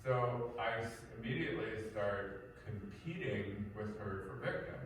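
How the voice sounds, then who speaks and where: A man's voice: on the low side, measured pace, few pauses, fairly bright tone. A male instructor giving an informal lecture to a class, rambling and conversational, with lots of fillers and restarts. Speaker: martial arts and life-skills instructor. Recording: echoey room from far off, faint noise.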